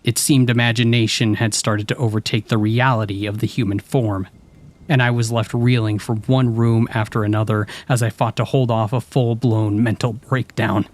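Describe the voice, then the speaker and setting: A man narrating a scripted horror story in a steady storytelling voice. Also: lowish voice, moderate pace, slight background noise.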